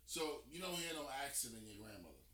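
A man's voice: medium pitch, very animated, a little fast, bright, forceful tone. A man in casual chat who asks pushy, slangy questions. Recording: roomy recording with crowd chatter behind.

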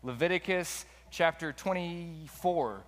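Male preacher, relaxed conversational delivery, recorded with a long echo in a large church hall. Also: fairly high pitch, takes it slowly. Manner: casual conversational storytelling. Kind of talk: sermon.

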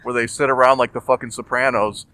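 An average-pitched man chats casually as a podcast co-host. He reacts in a wry, laid-back way. His voice sounds close and dry, with no room echo. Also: flat delivery, fast talker, pushed and bright. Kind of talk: casual chat. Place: in a moving car.

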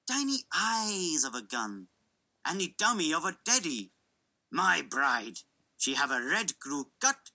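A woman's voice: on the low side, bright, forceful tone, heavily acted, rough recording. A woman reading a poem aloud, voicing a playful young male shopkeeper with a sing-song, rhythmic delivery. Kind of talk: dramatic poetry reading.

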